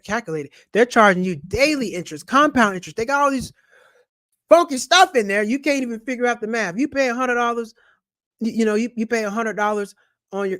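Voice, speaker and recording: A personal finance vlogger, young adult or older, talks casually to camera in a mid-range, slightly bright voice, recorded with studio quality and no room sound. The delivery is loose and slangy, rambling with many restarts, blunt asides and acted quotes.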